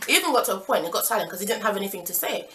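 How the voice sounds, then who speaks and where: A young woman tells a story to her camera in a chatty, animated way. Her voice sits at a middle pitch, and she breaks now and then into sudden loud outbursts. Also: very fast, slight background noise. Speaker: vlogger. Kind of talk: casual storytime vlog.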